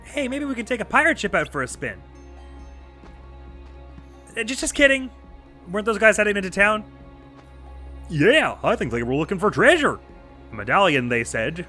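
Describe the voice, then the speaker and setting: A man's voice: sits high, very animated, normal speed, long pauses, pushed and bright, faint music behind. A man hosting a let's play, chatting playfully over the game and making goofy sound effects. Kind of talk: gameplay commentary.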